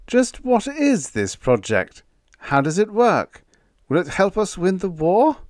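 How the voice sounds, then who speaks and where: A man's voice: high-pitched, big pitch swings, slow, no room sound, studio quality, pitched above the performer's own voice, exaggerated voice. A man voicing a timid, fussy government official who speaks in a small, plaintive voice. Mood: meek.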